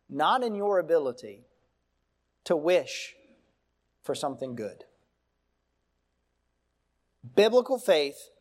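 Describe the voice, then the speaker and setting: A middle-aged man preaching a sermon as pastor, earnest and emphatic, often asking the congregation rhetorical questions. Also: sits high.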